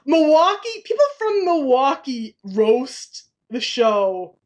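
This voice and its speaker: A woman hosting a casual podcast, talking quickly and laughing often as she piles on background trivia. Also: high voice. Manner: animated, laughs often, info-heavy. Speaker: podcast host.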